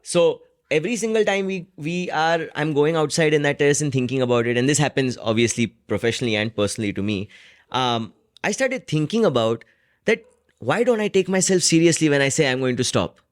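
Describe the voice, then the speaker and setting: A man's voice: fairly high pitch, fairly quick. Reflective man musing on a podcast. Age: adult with a wife and a job in an office. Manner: thoughtful, rambling, with frequent restarts and "right?" tags. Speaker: podcast host. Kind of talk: reflective solo podcast monologue.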